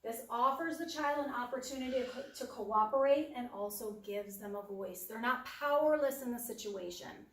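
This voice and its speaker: A woman's voice: on the high side, moderate pace, few pauses. A woman giving a practical parenting workshop who now and then acts out what a parent would say to a child. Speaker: workshop presenter. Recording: echoey room, speaker far from mic.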